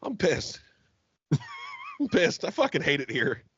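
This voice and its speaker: A man from Florida co-hosting a podcast, ranting with heavy swearing and bursts of shouting. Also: on the high side, wildly swooping pitch, a little slow, slightly rough, dry recording. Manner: profane, shouting rants. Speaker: podcast co-host. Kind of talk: comedic rant. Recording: slightly muffled, dry.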